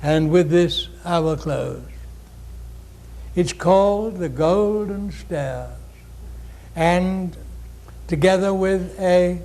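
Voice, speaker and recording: A man giving a spiritual lecture, speaking in a deliberate, gently formal way and addressing his audience directly. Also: high-pitched.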